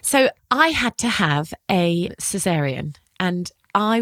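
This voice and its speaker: Woman, podcast host, animated storyteller who acts out dialogue and swears casually; dry, close sound. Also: fairly low pitch, measured pace, few pauses, no room sound. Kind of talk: lively personal storytelling in conversation.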